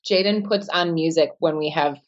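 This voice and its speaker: A young woman with a softened Midwestern American accent talks in an easy, rambling way, full of fillers and quick laughs. Her voice sits very low for a woman. The recording is a little dull and muffled. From Wisconsin, United States. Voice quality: low-pitched voice. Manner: chatty, laughing, many fillers and restarts. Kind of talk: casual chat.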